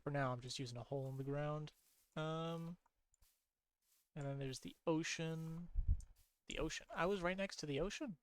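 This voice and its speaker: Sleepy rambling man, slightly high voice. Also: normal speed, long pauses, smooth, no room sound. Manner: rambling, repeats himself, easily excited. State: sleepy, yawning. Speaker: streamer. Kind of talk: casual gameplay commentary.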